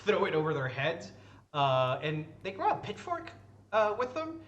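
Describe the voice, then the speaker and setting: Halting man running a tabletop game. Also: on the high side, huge pitch swings, fairly bright tone, dull audio. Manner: halting, rambling narration. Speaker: game master.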